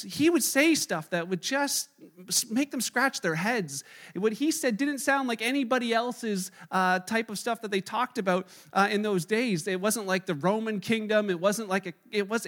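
A pastor giving a conversational, animated sermon, often acting out the people in his stories. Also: sits high.

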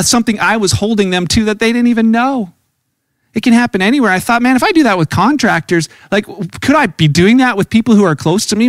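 A man's voice: high-pitched, fairly bright tone, no room sound, low-quality recording. A middle-aged male pastor giving a conversational sermon, often restarting phrases and acting out quoted voices.

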